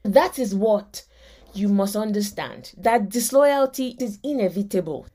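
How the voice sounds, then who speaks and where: A woman with a Nigerian accent hosting a motivational podcast, telling lively stories, acting out the people in them, and quoting scripture like a preacher. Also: mid-range voice, unhurried. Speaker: podcast host.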